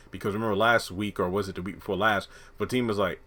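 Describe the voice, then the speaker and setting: A man's voice: fairly low pitch, fairly even intonation, quick pace, few pauses, a bit bright. A man giving a casual, slangy recap of a TV episode, acting out the characters' lines as he goes. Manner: chatty, slangy, acts out quotes from the show. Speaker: show reviewer.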